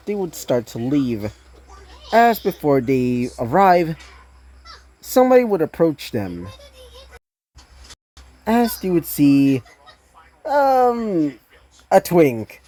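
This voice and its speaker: Woman narrator, fan story, rambling with fillers, low, slow, mellow. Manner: rambling, many fillers, laughs at own slips. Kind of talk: casual fan-fiction story reading.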